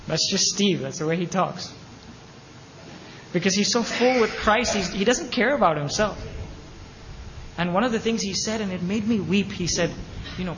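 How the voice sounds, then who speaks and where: A man preaching a sermon as pastor of his church, impassioned, with sudden loud peaks and hushed drops. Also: high-pitched, expressive, moderate pace, a little hiss or hum. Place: church sanctuary. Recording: long hall reverb, faint ambience.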